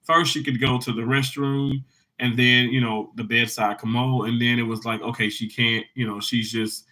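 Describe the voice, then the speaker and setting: A man's voice: mid-range voice, moderate pace, rough recording. A man hosting a casual livestream, telling a heartfelt story with many restarts and then cheerfully greeting viewers in the comments. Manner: lively and upbeat greeting viewers.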